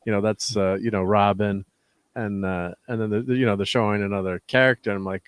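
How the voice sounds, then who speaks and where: Low-voiced man hosting a chatty stream. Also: fairly even intonation, quick pace, clear, resonant tone, dry recording. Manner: chatty, reads the live chat. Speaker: host of a live stream. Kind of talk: casual chat.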